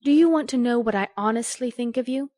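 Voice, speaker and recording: A woman reading an audiobook, voicing an earnest, sharp-tongued young woman who lectures a friend in a crisp, scolding way. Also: on the high side, fast talker, no room sound, clean studio sound, pitched above the performer's own voice, lightly acted. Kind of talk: audiobook character voice.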